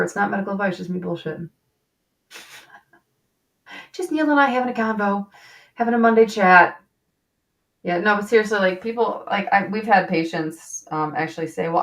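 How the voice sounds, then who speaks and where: A woman physician hosting a casual live-stream chat, talkative and quick to laugh, with lots of fillers. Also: medium pitch, creaky, far from the mic. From western New York. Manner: chatty, laughs often, many fillers. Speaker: physician host.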